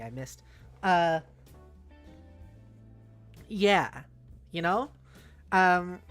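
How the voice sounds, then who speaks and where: A woman streamer chatting casually, thinking aloud and rambling with fillers. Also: lowish voice. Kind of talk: casual livestream chat.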